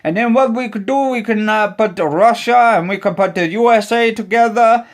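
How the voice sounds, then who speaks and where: A man putting on a daft voice of a scheming male Russian leader, halting with many fillers. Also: high-pitched, voice pushed up.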